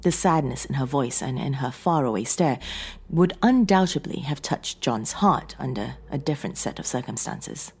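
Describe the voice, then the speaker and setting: A woman narrating a horror audiobook in an expressive, dramatic way. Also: a bass voice, normal speed, vocal fry, husky.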